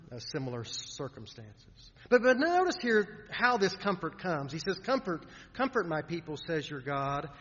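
A man preaching a sermon in an earnest way, often repeating words and trailing off softly at the ends of lines. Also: high voice. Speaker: pastor. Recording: dull sound in a reverberant hall.

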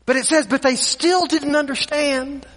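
A man delivers a sermon in a strikingly high, bright voice, slow and deliberate, stumbling over repeated words as he retells the story. The sound carries a long reverb, as if from a large hall. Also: fairly even intonation. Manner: repeats words, dramatic pauses, voices characters in quotes. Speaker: preacher.

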